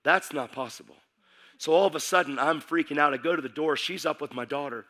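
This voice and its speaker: A man's voice: fairly high pitch, a little fast, sharp tone. A man preaching, telling his life story in an urgent, vivid way. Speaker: preacher giving testimony. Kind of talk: sermon testimony.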